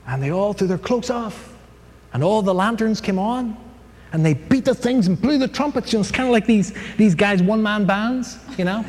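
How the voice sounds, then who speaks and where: A man's voice: high voice, normal speed, darkish tone. A man teaching a casual Bible class, telling the story with jokes, sound effects and many fillers. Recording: hall reverb, faint background noise.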